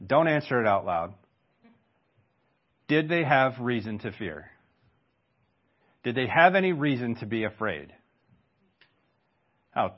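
A man's voice: mid-range voice, slightly rough, dull audio. A man preaching a sermon in a conversational way, stopping for rhetorical questions and asides. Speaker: pastor.

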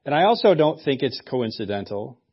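A man's voice: medium pitch, sing-song, fairly quick, slightly rough, highs cut off. A male pastor preaching a sermon in a conversational way, with joking asides.

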